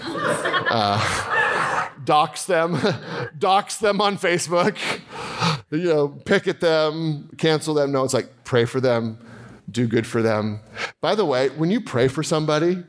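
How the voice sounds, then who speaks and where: A male pastor preaching a sermon in a conversational, animated way, often acting out quoted voices. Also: fairly high pitch.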